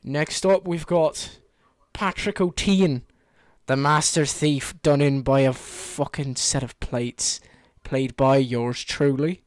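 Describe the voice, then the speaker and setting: A woman's voice: rumbling low, fairly even intonation, slow pace. An Australian woman running a tabletop game as game master, swearing casually and laughing often.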